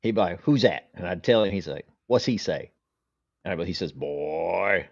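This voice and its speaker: A man co-hosting a horror podcast, telling stories in relaxed casual chat. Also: low-pitched, fairly quick, no echo, lo-fi sound. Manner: relaxed storyteller, chuckling. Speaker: podcast co-host.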